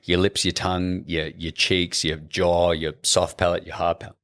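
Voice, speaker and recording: A man's voice: low voice, little pitch movement, normal speed, a bit bright, no echo, studio quality. An Australian actor, a man, chatting animatedly as a podcast guest, with lots of restarts. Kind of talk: casual podcast chat.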